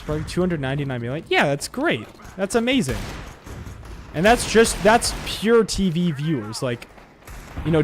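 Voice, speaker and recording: A man's voice: medium pitch, slight background noise. Chatty male gaming streamer. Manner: rambling, with sudden excited outbursts. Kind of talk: live gameplay commentary chatting to viewers.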